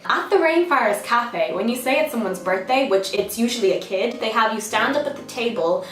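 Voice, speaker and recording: A woman's voice: mid-range voice, expressive, a little fast, hardly any pauses, a bit bright, roomy sound, distant mic. A woman, telling stories in a casual, self-mocking vlog and jumping to sudden squeals. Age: 20s. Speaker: vlogger.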